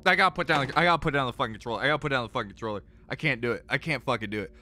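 A young man streaming a game and talking to his viewers, exasperated and swearing often, swinging from loud outbursts to low mutters. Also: racing, soft background music. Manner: exasperated, swears a lot, repeats himself when frustrated. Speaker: gaming streamer. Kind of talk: live gameplay commentary.

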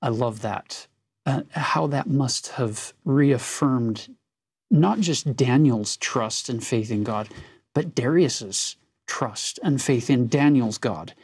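A man's voice: medium pitch, slow, darkish tone, breathy edge, no room sound, clean studio sound. A man co-hosting a conversational Bible lesson, earnest and reflective as he reads and explains scripture. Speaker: scripture study co-host.

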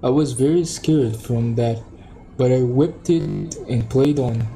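A woman's voice: a bass voice, takes it slowly, music in the background, poor audio. A woman streamer rambling through casual commentary, giggling and cracking crude jokes.

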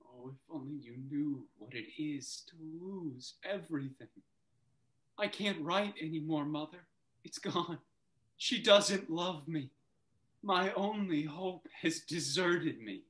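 A young actor playing a bitter, struggling young playwright who swings between hushed grief and sneering outbursts, performed over a video call. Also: male voice, high voice, sing-song, slow, echoey room, full character voice. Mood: grieving. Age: young adult. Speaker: student actor.

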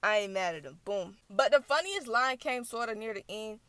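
A woman's voice: a little high, normal speed, dry recording. Chatty young woman recapping a video. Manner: chatty, animated storytelling with quoted voices. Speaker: reaction channel host. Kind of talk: casual recap vlog.

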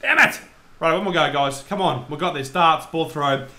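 A young man commentating on his own gameplay, excitable, swearing and shouting at the game. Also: a little high, moderate pace. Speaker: gaming channel host.

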